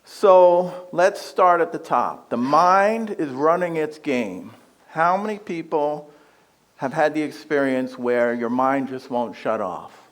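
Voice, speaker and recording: A man's voice: fairly high pitch, animated, takes it slowly. A man giving a conversational spiritual talk as a guest speaker, joking and asking the audience questions.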